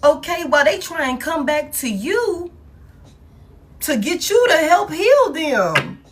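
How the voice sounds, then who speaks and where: A woman doing a collective tarot reading, swearing freely and speaking with emphatic, animated energy. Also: high-pitched, slow. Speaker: tarot reader.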